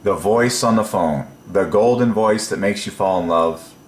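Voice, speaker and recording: Deep-voiced man musing in an echoey room. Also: moderate pace, slight background noise. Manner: rambling and musing, many ums, chuckles to himself. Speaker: religious video presenter. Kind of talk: casual solo preaching monologue.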